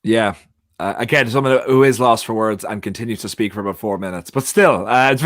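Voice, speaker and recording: A man's voice: mid-range voice, expressive, moderate pace, fairly bright tone, no echo. Chatty male fan panel co-host, dry sound. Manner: chatty, jokey, reading out viewer comments. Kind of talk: casual fan panel chat.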